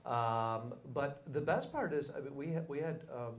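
Stammering man as podcast guest. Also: medium pitch. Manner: halting, stammering, self-deprecating. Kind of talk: casual interview chat.

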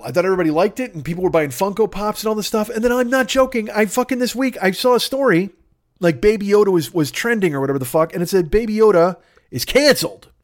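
A swearing podcast host rants in a loose comedic monologue, often leaping up into shrill, exasperated outbursts. His voice sits a little high for a man. The recording is close and dry, with no room sound. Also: no room sound. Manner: profane, animated ranting with sudden high-pitched outbursts.

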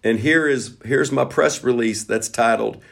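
A man's voice: mid-range voice, measured pace, vocal fry. A man doing a drawling ex-president impression. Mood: mock-sincere. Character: folksy ex-president impression as a beer CEO.

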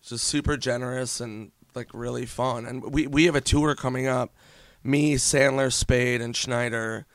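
A man's voice: mid-range voice, fairly even intonation, a little slow, no echo. A man guesting in a casual interview, telling stories in a loose, profane way with lots of fillers. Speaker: guest comedian and actor.

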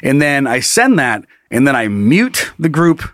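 A middle-aged man co-hosting a podcast, telling a story in a lively, profane way and acting out what people said. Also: medium pitch, unhurried, no echo, clean studio sound. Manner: animated storyteller, swears a lot, acts out quotes. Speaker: podcast co-host. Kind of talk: casual chat.

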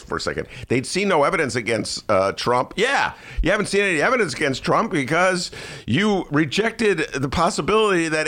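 A man hosting a political talk show, giving casual, sarcastic commentary with lots of "uh" fillers, speaking from a studio. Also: a little high. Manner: sarcastic, animated, many "uh" fillers.

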